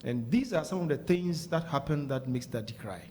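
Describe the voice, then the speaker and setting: A Ghanaian man talking as a radio guest, earnest and measured, often checking in with "okay?". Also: on the high side, animated, a little mellow, slight background noise. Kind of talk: candid radio talk. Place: radio studio.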